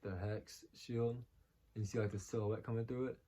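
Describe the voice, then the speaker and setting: A man hosts a casual chat reviewing a TV episode. He recaps in a loose, rambling way, leaning on "like" as he goes. His voice sits a little low. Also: steady tone, normal speed, mellow, a little hiss or hum. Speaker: host.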